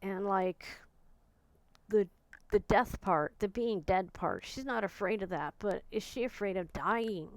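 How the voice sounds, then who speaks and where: A woman in her forties speaking in a personal, reflective monologue, soft and searching, often pausing and restarting her sentences. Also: mid-range voice, no echo. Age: 40s. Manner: soft, searching, halting speech with frequent restarts. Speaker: vlogger.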